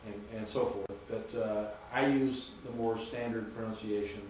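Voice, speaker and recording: A man's voice: fairly low pitch, fairly even intonation, a little mellow. Male professor, methodical lecture delivery, distant mic in a reverberant classroom. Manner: patient, methodical, repeats pronunciations slowly. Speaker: Greek professor. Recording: echoey classroom from far off with faint noise.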